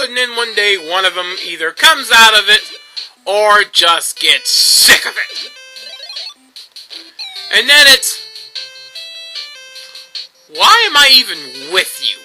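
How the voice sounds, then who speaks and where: A man's voice: expressive, slow, long pauses, pushed and bright, poor audio. Young man ranting over game music. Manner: sarcastic, mocking, puts on squeaky voices for quotes. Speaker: gaming video host. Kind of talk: ranting gameplay commentary.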